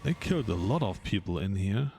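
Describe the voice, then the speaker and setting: A man's voice: low voice, big pitch swings, brisk, dark tone. A man streaming a video game, rambling casually and chatting with his viewers as he plays. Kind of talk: casual live-stream commentary while gaming.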